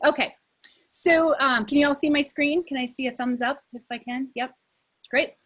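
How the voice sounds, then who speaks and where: A woman's voice: sits high, fairly even intonation, moderate pace, a bit bright. A woman coach giving a conversational webinar presentation over a video call, with many fillers and some emphasis. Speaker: leadership coach.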